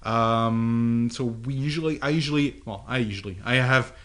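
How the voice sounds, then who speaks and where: Guy cohosting a podcast, mid pitch, lots of ums and restarts, casual chat. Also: a bit bright. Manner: halting, many fillers and restarts. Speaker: podcast co-host.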